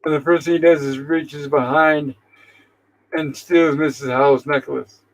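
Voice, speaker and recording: Guy host chatting through an old episode, slightly higher voice, reads out the lines. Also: steady tone, measured pace, rough recording. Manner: retells scenes and reads character lines aloud. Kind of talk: casual episode recap.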